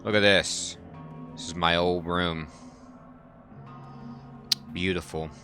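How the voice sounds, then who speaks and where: A man's voice: sits low, fairly even intonation, slow pace, bright, forceful tone, faint music behind. A man hosting a game playthrough, rambling and thinking aloud in casual commentary. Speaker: let's play host.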